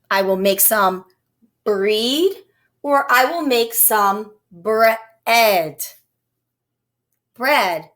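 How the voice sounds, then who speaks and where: Slow, patient woman teaching young kids. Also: medium pitch, a bit bright. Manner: patient, sounds out words slowly for young children. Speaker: elementary teacher. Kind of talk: recorded remote phonics lesson.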